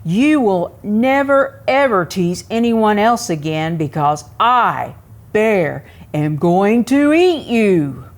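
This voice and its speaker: A woman voicing a big angry male bear in a storybook reading, speaking in a slow growl. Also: mid-range voice, expressive. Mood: menacing.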